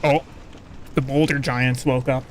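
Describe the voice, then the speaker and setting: A man's voice: medium pitch, little pitch movement, unhurried, faint music behind. A man streaming a video game, rambling casually and poking fun at himself while chatting with viewers. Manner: rambling, self-deprecating, chatty with stream chat. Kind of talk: casual gaming commentary.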